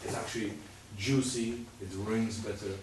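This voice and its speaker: A man's voice: lowish voice, fairly even intonation, normal speed, recorded from a distance, noisy background. Male string quartet coach, sings rhythms, heard from across a reverberant room. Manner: sings rhythms, repeats instructions. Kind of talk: master class coaching. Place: rehearsal room with musicians. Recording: roomy, from afar, music playing.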